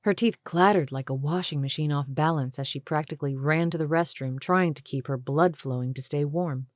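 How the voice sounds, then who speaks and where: Low-voiced woman narrating an audiobook. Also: dry recording, studio quality. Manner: measured, even storytelling. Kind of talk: scripted narration.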